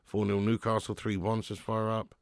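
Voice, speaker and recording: A man's voice: fairly low pitch, monotone, moderate pace, clear, resonant tone, no echo, clean studio sound. A man hosting a live football watch-along, commentating and chatting with viewers, reading out their comments. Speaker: watch-along stream host.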